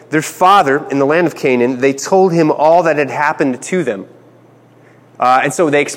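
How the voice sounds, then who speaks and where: A man's voice: mid-range voice, big-room sound. A man preaching a sermon, reading scripture and acting out the characters in playful asides. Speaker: pastor.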